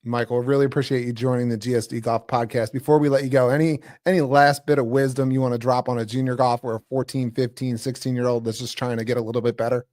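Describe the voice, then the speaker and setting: A man's voice: mid-range voice, little pitch movement, quick pace, few pauses, a little mellow, no echo, studio quality. A man hosting a golf podcast, thanking his guest and wrapping up the show in an upbeat, promotional way. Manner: upbeat, promotional wrap-up host talk. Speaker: podcast host. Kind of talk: casual podcast interview.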